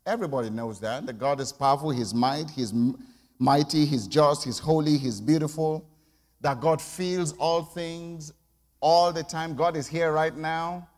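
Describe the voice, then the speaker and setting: A man's voice: a little high, fairly even intonation, a little slow, darkish tone. A middle-aged man preaching a conversational sermon in church, often calling for the congregation's response. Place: church sanctuary. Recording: long church reverb.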